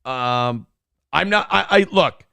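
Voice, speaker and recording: A man's voice: mid-range voice, animated, takes it slowly, vocal fry, sharp tone, clean tone, no echo, clean studio sound. A man hosting a morning talk show, telling stories in a brash, profane, boastful way. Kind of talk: casual talk show rant.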